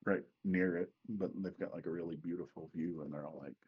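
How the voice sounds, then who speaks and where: A man's voice: deep voice, steady tone, a little fast, slightly rough, dull audio. A man co-hosting a podcast in casual chat, laughing a lot and swearing casually. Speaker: podcast co-host.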